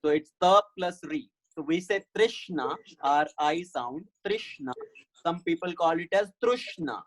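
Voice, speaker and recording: A man's voice: fairly high pitch, moderate pace, poor audio. A man teaching a Sanskrit class online, patiently explaining step by step and answering questions.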